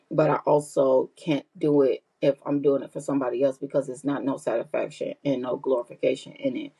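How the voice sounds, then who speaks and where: A woman's voice: extremely low pitch, creaky, warm tone, husky, poor audio. A middle-aged woman hosting a podcast, talking in a candid, heartfelt way and repeating herself for emphasis. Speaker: podcast host. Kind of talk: casual personal monologue.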